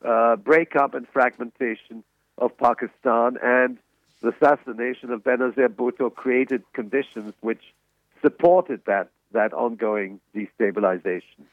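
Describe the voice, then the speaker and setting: An older man, a professor emeritus, answering interview questions in a halting way, with many restarts and fillers. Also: mid-range voice, fairly even intonation, no echo. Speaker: interview guest, author and emeritus economics professor. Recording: tinny phone line.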